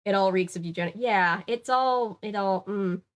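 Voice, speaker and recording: A Louisiana woman with a slight Southern accent chats casually on her live stream, reading viewer comments and rambling with lots of fillers. Her voice sits in the mid-range and moves at a normal speed.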